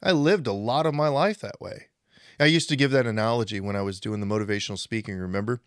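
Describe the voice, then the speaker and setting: A man's voice: on the low side, quick pace, clear, resonant tone, no echo, clean studio sound. A man in his forties co-hosting a podcast, chatting casually and acting out the people he quotes. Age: 40s. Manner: animated storytelling, acts out quoted people. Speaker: podcast co-host.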